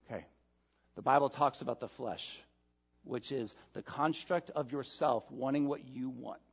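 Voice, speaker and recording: A male pastor preaching a sermon, emphatic, swinging between loud stresses and soft, quiet asides. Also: medium pitch, moderate pace, vocal fry, husky. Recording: dull sound with long hall reverb.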